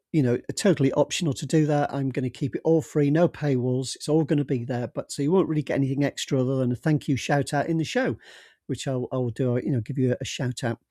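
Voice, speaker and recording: Male author-narrator, mellow tone, dry close sound, casual and halting between chapters. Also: fairly high pitch, dry recording. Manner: hesitant, with fillers and restarts in the chat. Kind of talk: storybook narration and casual chat.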